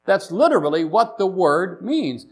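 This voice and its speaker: A man preaching a sermon in a church, animated and emphatic, dropping to asides between rises. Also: sits high, unhurried. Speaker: pastor.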